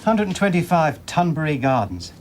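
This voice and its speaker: A man's voice: fairly high pitch, very animated, normal speed, background noise. An actor playing a chatty, flustered man who manages a car hire firm, rambling and chuckling as he talks.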